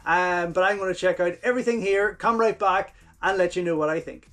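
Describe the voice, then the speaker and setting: A man with a fairly high voice hosts a casual unboxing, talking through each item as he handles it. He gushes with enthusiasm and keeps coming back to the same few words of praise. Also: brisk, fairly bright tone. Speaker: channel host reviewing home video releases.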